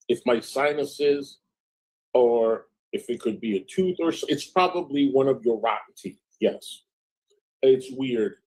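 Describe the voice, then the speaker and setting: A man's voice: mid-range voice, darkish tone, low-quality recording. A man hosting a livestream, casually reading out a string of text messages and cutting in with snarky, sarcastic asides. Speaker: livestream host.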